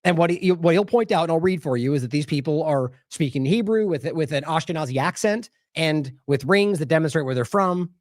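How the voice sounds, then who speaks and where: A man's voice: on the high side, lively intonation, a little fast, hardly any pauses, no room sound, studio quality. A man hosting an independent news show, giving sarcastic, rambling commentary over video clips with frequent restarts.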